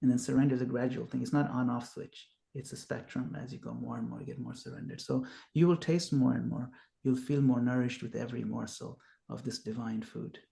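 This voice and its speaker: Gravelly man teaching with reassurance. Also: medium pitch, steady tone, brisk, few pauses. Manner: warm, reassuring, explains terms patiently. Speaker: class teacher. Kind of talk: encouraging devotional teaching.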